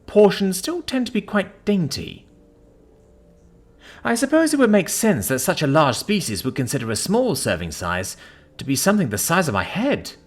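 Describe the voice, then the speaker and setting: A man narrating a science fiction story in an expressive, animated way. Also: fairly high pitch.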